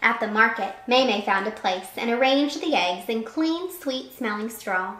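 Teacher lady reading a storybook, pretty high voice, expressive, echoey room. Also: a little slow. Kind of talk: picture book read-aloud. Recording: roomy echo.

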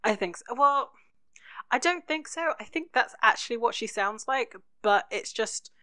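A woman's voice: on the high side, expressive, moderate pace, bright, forceful tone. A British woman co-hosting a podcast, musing thoughtfully through a TV episode with lots of "like". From United Kingdom. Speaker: podcast co-host. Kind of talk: casual chat recapping a TV episode.

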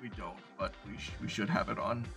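A man's voice: fairly low pitch, steady tone, a little fast, gravelly, fairly bright tone, soft background music. A man co-hosting a casual chat while drawing, joking and laughing often. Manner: jokey, laughs often, puts on silly voices. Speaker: podcast co-host.

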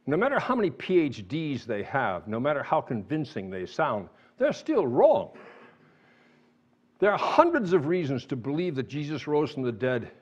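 Male pastor, sermon delivery, lively swooping pitch, muffled lo-fi church recording. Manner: animated, rising to emphatic sarcastic outbursts. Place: church sanctuary.

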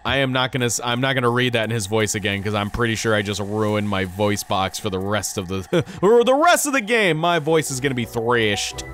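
A young man giving casual, goofy let's play commentary, excitedly talking to the game's characters. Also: mid-range voice, brisk, few pauses, a little hiss or hum. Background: game music.

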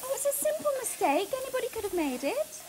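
A woman's voice: extremely high pitch, very animated, fast, very noisy. A young woman playing a spoiled, prim newcomer to a kitchen in a sitcom. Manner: prim, posh and airy. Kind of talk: sitcom acting.

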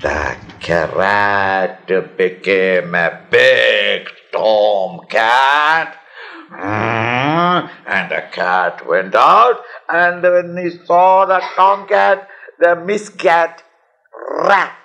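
A man with an Indian English accent, an Indian monk telling a children's story with animated delivery, frequent chuckles and dramatic pauses. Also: mid-range voice, vocal fry.

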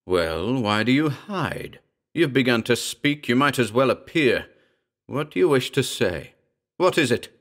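Casting: man voicing a tense, resentful loner in an audio horror story, low voice, rising to anger. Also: animated, a little slow. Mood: agitated. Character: brooding, bitter man talking to himself.

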